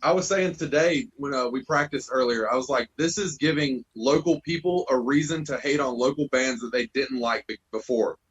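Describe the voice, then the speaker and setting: A man's voice: mid-range voice, normal speed, few pauses, breathy edge, highs cut off. A man, a band vocalist on a podcast, chatting loosely and profanely, calling people bro. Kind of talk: casual podcast chat.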